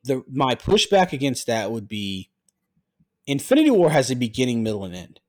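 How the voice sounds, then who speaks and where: A man's voice: medium pitch, big pitch swings, moderate pace. Argumentative man, guest comic writer. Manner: argumentative, restarts often, swears. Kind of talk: casual chat.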